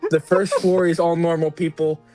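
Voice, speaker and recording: A man calling in to a live show, telling a story in a measured, deadpan way. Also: a little high, faint music behind. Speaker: caller. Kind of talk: phoned-in confession story.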